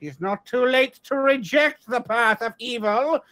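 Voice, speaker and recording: A man's voice: extremely high pitch, normal speed, pushed and bright, no echo, poor audio. A man voicing a stern fire-and-brimstone temple preacher, reading a paid ad from a fan newspaper in a put-on accent, in a dry room. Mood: stern preaching. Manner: stern, sermonizing proclamation.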